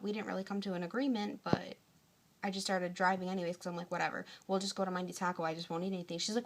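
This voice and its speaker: A young woman telling a story to her phone camera in a casual rant, tired and hungry, exasperated, acting out both sides of an argument in animated bursts and swearing often. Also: mid-range voice, brisk, slight background noise. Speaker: vlogger.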